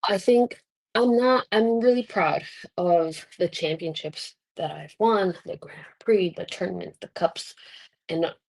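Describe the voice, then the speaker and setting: A young woman talking in a casual interview, her voice sitting low with a gravelly fry. She tells lively stories, puts on voices for the people she quotes, and laughs often. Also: measured pace. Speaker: guest wrestler. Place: Mexico.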